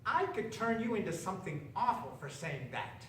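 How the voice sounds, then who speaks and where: A man putting on a high, cackling old witch. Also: very animated, moderate pace, fairly bright tone, slight background noise. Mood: teasing. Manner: high cackling teasing voice, drawn out. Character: sly mocking old female witch. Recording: roomy echo, distant mic, faint ambience.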